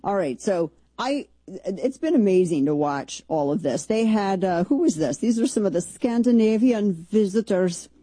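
A woman's voice: mid-range voice, expressive, moderate pace, mellow, slightly rough, no room sound. A woman hosting a casual political commentary show, chatty and rambling, with sarcastic asides. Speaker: host.

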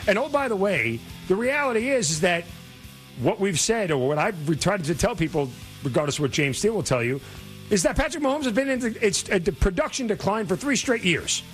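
Male sports radio co-host, high and animated, faint music bed under him. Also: brisk. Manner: emphatic, exasperated arguing. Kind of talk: sports talk debate.

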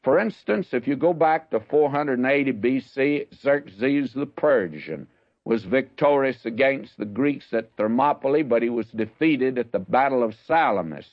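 An older man walks through Bible history in an unhurried, folksy teaching voice. The recording is dull and lo-fi, with a dry, close sound and no room echo. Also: mid-range voice, lively intonation. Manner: folksy, measured, explanatory.

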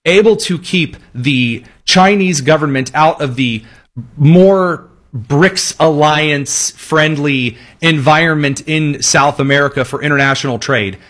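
A man's voice: on the high side, a little slow, a bit bright. A man delivering solo political commentary in an emphatic tone, with sarcastic asides. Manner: emphatic, sarcastic asides, mock pleading voices for quotes.

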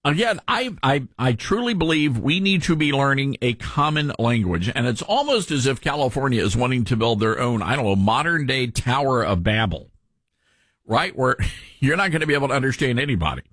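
A man's voice: medium pitch, very animated, a little fast, fairly bright tone, husky, no room sound. A man hosting a talk radio show, speaking emphatically with jokey asides in a studio. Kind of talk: talk radio commentary and read ad. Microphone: studio microphone.

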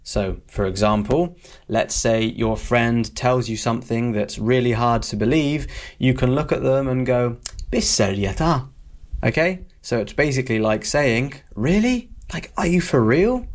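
A man's voice: mid-range voice, moderate pace. A man teaching vocabulary in a casual video lesson, often checking in with "okay?" as he explains. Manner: friendly, repeats "okay?" to check in. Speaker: language teacher.

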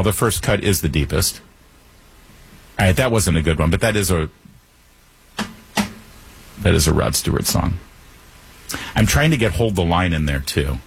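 A man's voice: sits low, slightly rough. A male talk radio host delivering a joking monologue in a wry, teasing manner, slipping in puns.

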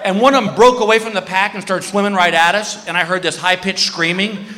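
A male stand-up comedian telling a story in an animated way, shouting sound effects. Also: high-pitched, brisk, slight background noise. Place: comedy stage before a live audience. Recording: live hall reverb, faint ambience.

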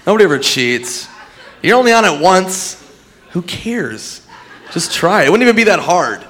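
A male stand-up comedian ranting about game shows, breaking into loud outbursts. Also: high-pitched, normal speed. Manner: loud, excitable rants with shouted outbursts. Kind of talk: stand-up routine.

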